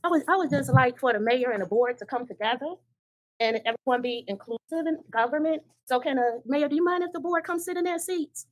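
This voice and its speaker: A woman's voice: sits high, a little fast, no room sound. A woman resident earnestly pleading with officials at a town meeting's public comment. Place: meeting hall.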